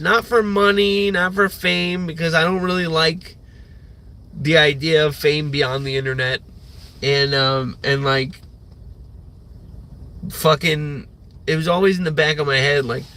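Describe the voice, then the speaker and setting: A man's voice: a little high, a little slow, bright, forceful tone. A young man streaming a rambling morning rant, full of fillers and swearing. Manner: rambling, profane, filler-heavy. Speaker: livestreamer.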